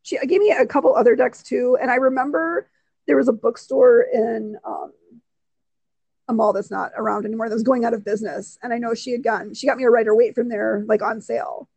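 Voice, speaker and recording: A woman's voice: a little high, fairly quick, creaky, breathy edge, no room sound, rough recording. A young adult woman co-hosting a casual chat, telling stories with lots of swearing. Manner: swears freely, animated storytelling. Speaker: podcast co-host.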